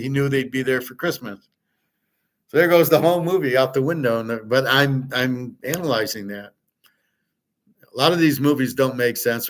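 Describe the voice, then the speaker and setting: A man's voice: mid-range voice, a bit bright. A middle-aged man hosting a show, rambling through a sarcastic, opinionated monologue with frequent restarts. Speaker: host.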